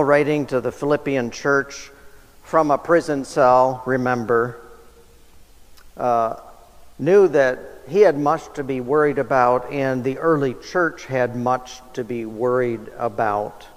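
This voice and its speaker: A man preaching a sermon in a church, conversational and self-deprecating with light humor. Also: mid-range voice. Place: church sanctuary. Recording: long church reverb.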